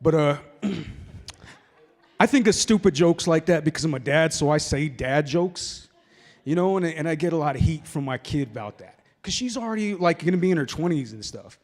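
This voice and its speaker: Speaking at a moderate pace with lively intonation, a man in his forties works through a loose open-mic stand-up routine, swearing as he rambles. The venue is a hall hosting a sober open mic night, and his fairly high voice trails off in long reverb.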